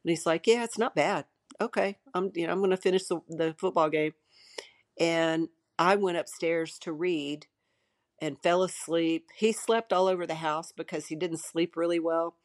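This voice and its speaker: A middle-aged woman quietly telling her own story in an interview, halting at times and acting out what people said. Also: low voice, fairly even intonation, no echo, studio quality. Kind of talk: personal testimony in an interview.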